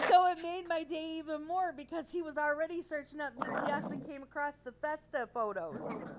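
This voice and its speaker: A woman telling a rambling, animated story in casual chat. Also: sits high, moderate pace, very noisy.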